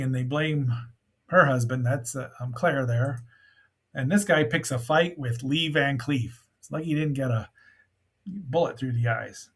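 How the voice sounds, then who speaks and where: A man's voice: medium pitch, husky. A man hosting a casual review of an old film, rambling and chatty with many fillers and asides. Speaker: movie reviewer host.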